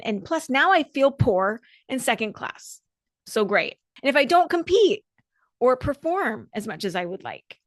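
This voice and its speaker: A woman's voice: fairly high pitch, no echo, studio quality. A woman dance coach hosting a solo podcast, talking in an earnest, motivational way with emphatic repetition.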